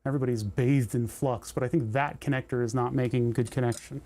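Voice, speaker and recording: A man's voice: medium pitch, fairly even intonation, brisk, dark tone. A man hosting a livestream, chatting casually and thinking aloud with joking asides as he solders. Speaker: livestream host building electronics.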